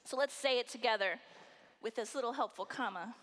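A woman preacher delivering a sermon with emphatic phrasing and dramatic pauses. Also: a little high, fairly bright tone. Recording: hall reverb.

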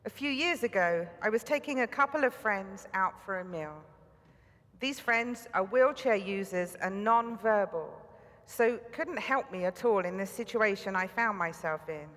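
A woman's voice: medium pitch, animated, unhurried, fairly bright tone, long reverb tail. A British woman preaching a sermon, telling stories with dry humor. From Britain.

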